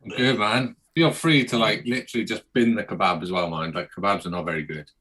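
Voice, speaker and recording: Low, bright-voiced man. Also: fairly even intonation, brisk, breathy edge. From Wales. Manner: laid-back, says "man" often. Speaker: guest. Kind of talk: casual live-stream banter.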